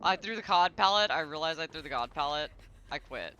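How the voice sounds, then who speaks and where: A man's voice: a little high, lively intonation, fairly quick, pushed and bright, clean tone. A man streaming a video game live, talking to himself in an exasperated, grumbling way. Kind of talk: live gameplay commentary.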